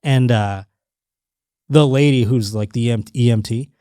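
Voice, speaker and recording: A man hosting a podcast, telling a rambling, animated story in casual chat. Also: medium pitch, measured pace, clear, resonant tone, dry recording, clean studio sound. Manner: rambling, animated storytelling with restarts and quoted voices. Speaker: podcast host.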